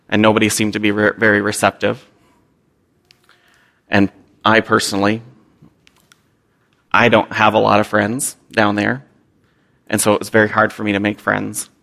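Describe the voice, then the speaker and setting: A man's voice: fairly low pitch, creaky, bright, forceful tone. A young man, a missionary, giving a candid and earnest personal testimony to a church, with some self-deprecating humor.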